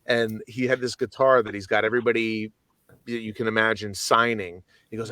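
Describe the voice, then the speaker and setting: A man, a guest musician, telling stories in a casual chat in an animated way, swearing freely. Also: lowish voice, brisk, no room sound.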